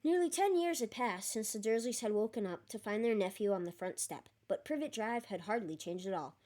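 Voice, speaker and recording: A woman reading a novel aloud in a lively way, breaking off for chatty, joking asides. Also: medium pitch, brisk. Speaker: reader.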